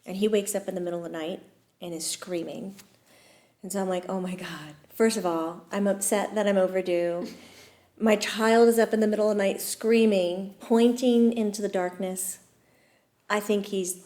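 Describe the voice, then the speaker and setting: A woman host chatting casually about her own experiences. Her talk is relaxed and lively, broken up by quick laughs and small pauses. Her voice sits at an everyday middle pitch. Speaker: host and medium. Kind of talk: casual storytelling chat.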